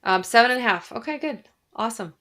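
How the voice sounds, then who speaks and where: A woman's voice: medium pitch, moderate pace, bright, forceful tone. A woman doctor hosting a casual live Q&A. She chats freely, reads viewer comments aloud and swears a little. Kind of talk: casual livestream chat. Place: Arizona.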